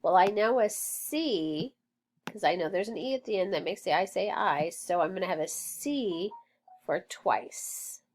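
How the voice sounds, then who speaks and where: A woman teaching a phonics lesson, sounding out words slowly and encouraging the learner as she goes. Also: medium pitch, darkish tone, slight background noise. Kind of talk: slow, deliberate phonics lesson. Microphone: online lesson recording.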